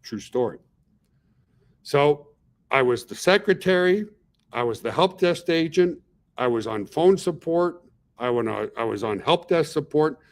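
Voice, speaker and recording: A man's voice: a little high, expressive, a little slow. Middle-aged male webinar host; casual, chatty founder type who checks in with his audience a lot. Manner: chatty, peppers talk with "okay?" and "guys".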